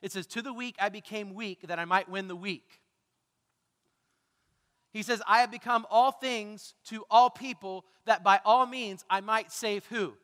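A man preaching a sermon to his congregation on a stage microphone, quizzing them and breaking into dramatic shouts. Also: high voice, a little slow. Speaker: pastor. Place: church sanctuary. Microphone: handheld or stage microphone. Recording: church hall reverb.

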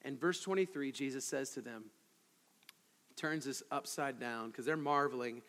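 A man preaching an expository sermon as pastor, conversational and animated, with frequent asides to the congregation. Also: medium pitch, normal speed, big-room sound.

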